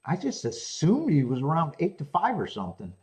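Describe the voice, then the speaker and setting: A man's voice: a little high, huge pitch swings, fairly quick, darkish tone. A man hosting a live horse racing stream, musing aloud about betting odds and chatting casually with his viewers. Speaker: horse racing show host.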